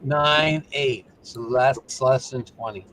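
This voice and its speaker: A man's voice: medium pitch, takes it slowly, fairly bright tone, a little hiss or hum. A man chatting and teasing his friends in a casual conversation.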